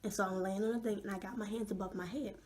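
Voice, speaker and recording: A young woman vlogger telling an animated story with many fillers, often dropping to a hush. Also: mid-range voice, fast. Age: young adult. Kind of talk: storytime vlog.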